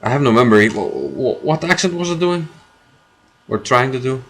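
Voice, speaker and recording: A man streaming his own chess game, commenting live as he thinks aloud, repeating phrases and filling pauses. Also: mid-range voice, expressive, fairly bright tone.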